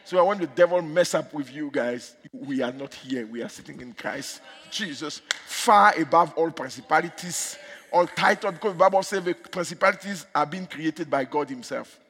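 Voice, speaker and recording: A male preacher delivering a fervent sermon with commanding declarations, in a husky voice. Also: a little high, moderate pace, fairly bright tone. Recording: echoey hall.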